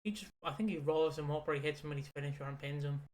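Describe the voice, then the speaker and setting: A man's voice: on the high side, very fast, darkish tone. A man co-hosting a casual wrestling podcast, recapping in a rambling way, swearing and laughing at his own stories. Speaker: podcast co-host. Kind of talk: casual chat about wrestling.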